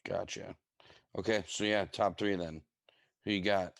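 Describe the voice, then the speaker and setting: A man's voice: deep voice, fairly even intonation, unhurried, creaky, fairly bright tone, no room sound. A young man co-hosting a podcast, chatting casually about sports in a brash manner and swearing freely. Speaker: podcast co-host.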